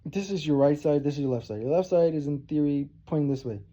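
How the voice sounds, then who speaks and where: A man's voice: fairly high pitch, fast talker, warm tone. Profane rambling man, lo-fi bedroom monologue. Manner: rambling, profane, swears heavily. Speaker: vlogger. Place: bedroom, seated on bed.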